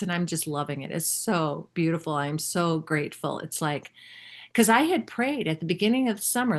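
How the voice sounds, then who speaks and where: Older lady chatting away, rambling, keeps restarting, laughs a lot. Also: lowish voice. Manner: rambling, self-interrupting, laughs often. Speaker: spiritual group member sharing. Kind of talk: casual sharing.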